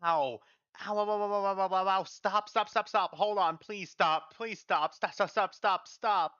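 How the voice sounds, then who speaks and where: A man voicing someone in sharp pain, pleading loudly and strained, on dull lo-fi audio. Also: high voice, fast, no echo, pitched above the performer's own voice.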